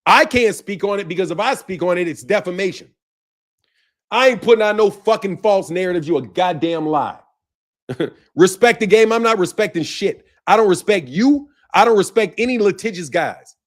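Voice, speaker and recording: A man's voice: high-pitched, expressive, normal speed. A man hosting a boxing channel, ranting in heated, profane, confrontational bursts and repeating himself as he calls someone out. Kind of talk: ranting commentary to camera.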